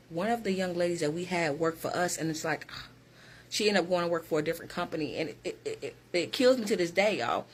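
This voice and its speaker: Woman, vlogger, direct and emphatic, career pep talk, faint hiss behind her. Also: sits low. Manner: direct, emphatic, speaks straight to viewers. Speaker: hiring manager. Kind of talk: motivational vlog talk.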